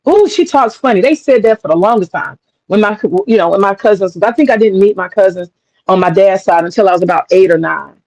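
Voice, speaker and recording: A woman's voice: medium pitch, brisk, darkish tone, no echo, low-quality recording. A woman talking in a blunt, profane casual monologue as a commentator, acting out other people's voices as she goes.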